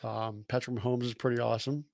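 A man with a mid-pitched, even voice, teasing his co-host and reading off the show's schedule in a relaxed way. The sound is close and dry. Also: quick pace, vocal fry, dry recording. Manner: teasing, dry, plugs the show. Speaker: podcast co-host. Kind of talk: casual chat.

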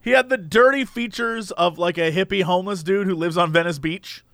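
A young man co-hosting a podcast in casual chat, an animated storyteller who slips into quoted voices. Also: high-pitched, brisk, dry recording, studio quality. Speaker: podcast co-host. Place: Los Angeles area.

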